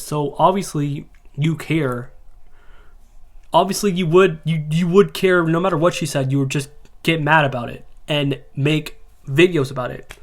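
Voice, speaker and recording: A man's voice: fairly high pitch, fairly even intonation, unhurried. A man reacting to a video in casual commentary, sarcastic and mocking.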